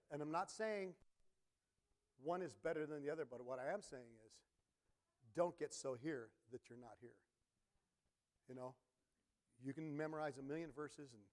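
A middle-aged man preaching a sermon as pastor, telling stories with bursts of shouting and imitated instrument sounds. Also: fairly high pitch. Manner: animated storytelling, sudden shouts and imitated organ sounds.

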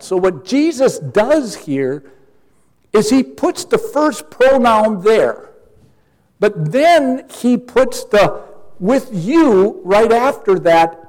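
A man's voice: sits high, darkish tone. A man preaching a sermon as a pastor, explaining scripture patiently and with earnest emphasis. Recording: long hall reverb.

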